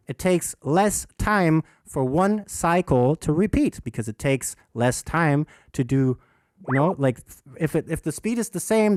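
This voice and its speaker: A man's voice: on the high side, dry recording, studio quality. A man, a DJ, teaching rhythm in a casual livestream workshop, swearing often and poking fun at himself, alone in a room. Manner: animated, swears a lot, self-mocking. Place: alone in a room under a bright light.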